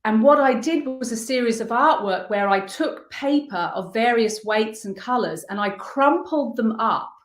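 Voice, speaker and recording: A woman's voice: fairly high pitch, lively intonation. Earnest woman in an echoey room. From United Kingdom. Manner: earnest, reflective, halting as she searches for words. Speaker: guest artist. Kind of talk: personal storytelling interview.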